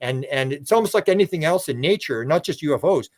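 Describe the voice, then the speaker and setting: A man's voice: fairly high pitch, animated, fast talker, a little mellow. An older man, a guest in a casual interview, telling long rambling stories and acting out quoted dialogue, with frequent restarts and fillers.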